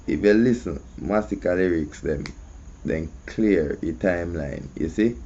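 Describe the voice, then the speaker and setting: A man's voice: low-pitched, animated, unhurried, dark tone, slight background noise. A man with a Jamaican accent hosting casual commentary, often asking "you see me". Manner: conversational, repeats "you see me". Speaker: host. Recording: muffled lo-fi audio.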